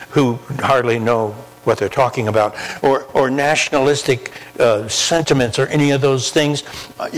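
A man preaching a sermon, emphatic, with slow drawn-out pauses and repeated key phrases. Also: mid-range voice. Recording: long hall reverb with faint mains hum.

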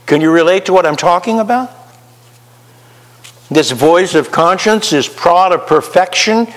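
A man's voice: high-pitched, expressive, in a large hall. A man preaching a sermon, asking the listeners questions and acting out the voice of conscience. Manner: slow, rhetorical questions, acts out the inner voice. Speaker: pastor.

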